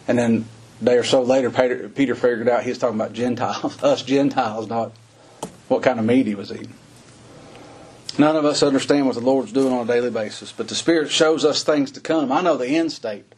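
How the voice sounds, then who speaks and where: Folksy male preacher with a husky voice and mid pitch, mid-sermon. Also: a little fast, darkish tone. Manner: folksy, laughs between points, rises high for emphasis.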